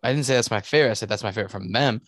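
A man's voice: on the low side, very fast, a bit bright, no echo, studio quality. A young man co-hosting a casual podcast, blunt and heavy on profanity. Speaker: podcast co-host. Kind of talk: casual chat.

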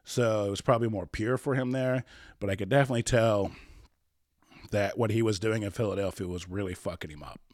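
A man's voice: lowish voice, fairly quick, a little mellow, no echo, studio quality. A man telling a personal story as a podcast guest, rambling, repeating words and acting out old conversations.

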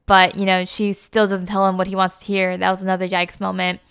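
A woman's voice: medium pitch, monotone, brisk, fairly bright tone, clean tone. Chatty young woman reviewing a movie. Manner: chatty, many fillers like "like" and "you know". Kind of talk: casual movie review vlog.

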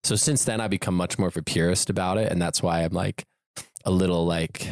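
Male podcast co-host, low voice, dry close mic, lively storytelling. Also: brisk, gravelly, no room sound. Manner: animated, acts out scenes in quoted voices, laughs often. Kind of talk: casual chat.

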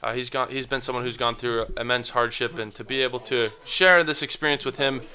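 A man's voice: mid-range voice, steady tone, a little fast, bright, forceful tone. A young man co-hosting a casual chat, tossing in dry teasing remarks. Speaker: podcast co-host.

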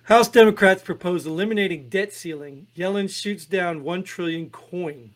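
A man co-hosting a podcast, talking through political headlines in an animated, exasperated way with many restarts. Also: high-pitched, normal speed. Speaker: podcast co-host reading headlines. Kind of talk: casual political chat.

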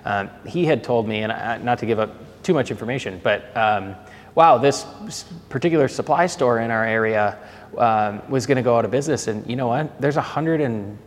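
A man's voice: medium pitch, a little fast. A young man with a Minnesotan accent, chatting casually as a podcast guest and rambling through restarts. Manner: rambling, with many restarts and fillers. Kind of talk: casual conversation. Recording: reverberant room with faint ambient noise.

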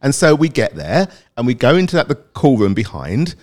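A man's voice: mid-range voice, sing-song. A British man from Britain, a guest on a podcast, telling long rambling stories in casual chat and laughing easily. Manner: rambling storyteller, quick to laugh. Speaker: guest, athletics fan.

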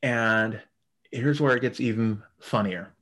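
A man's voice: medium pitch, a little slow, a bit bright. A man in his thirties telling a rambling, crude story in casual chat, swearing often. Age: 30s. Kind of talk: casual anecdote.

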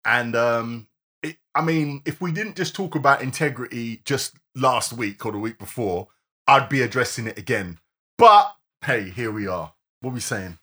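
A man co-hosting a casual live-streamed podcast, bantering and reeling off shout-outs to listeners. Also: medium pitch, lively intonation, moderate pace. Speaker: podcast co-host.

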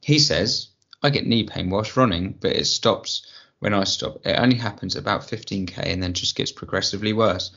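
A man's voice: low-pitched, sharp tone, lo-fi sound. A man co-hosting a running podcast, chatting casually and giving advice on a listener's question. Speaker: podcast co-host.

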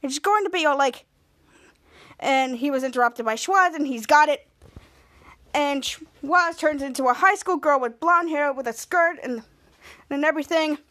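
A woman's voice: sits high, normal speed, a bit bright. A woman podcast host recapping a TV episode in a chatty, rambling storytelling way.

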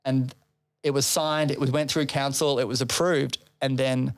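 A man's voice: medium pitch, flat delivery, normal speed. A man who organizes a festival, telling a long story in casual chat, swearing freely and laughing between phrases.

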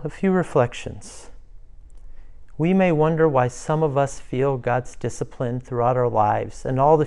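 A man preaching a devotional sermon, retelling a psalm with rising passion. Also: mid-range voice. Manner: impassioned, rising loud when voicing David's prayers.

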